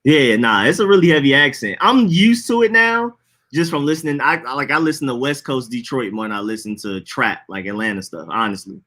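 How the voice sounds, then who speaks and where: A young man co-hosts a podcast in relaxed, slangy chat. His voice is bright and forward, and he laughs often as he talks. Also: medium pitch, a little fast. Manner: laughs often, animated, loose slangy talk. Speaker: podcast co-host. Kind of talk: casual chat.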